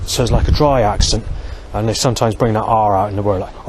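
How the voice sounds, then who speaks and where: Low-voiced man rambling outdoors. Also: fairly even intonation, fast, few pauses. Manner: meandering, frequent restarts and swearing. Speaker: vlogger. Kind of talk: rambling monologue. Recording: outdoor street and traffic noise.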